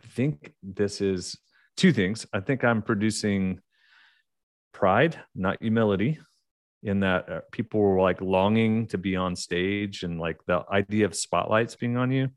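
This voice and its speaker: A middle-aged man with an Oklahoma accent speaks as a podcast guest, his voice sitting on the low side. He rambles through his stories, restarting sentences and leaning on fillers. The sound is dry and close to the mic. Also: a little slow, no room sound. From United States. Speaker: podcast guest, leadership author. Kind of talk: casual interview storytelling.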